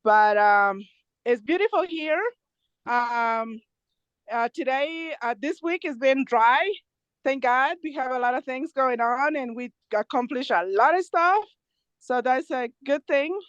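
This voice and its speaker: A woman, out of breath, calling in by phone from the mountains, laughing often and talking in halting bursts. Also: high-pitched, clean tone, no echo. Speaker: nonprofit co-founder giving a remote update. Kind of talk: casual talk over a video call. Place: outdoors in the mountains. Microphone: phone on a video call. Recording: dull lo-fi video call audio.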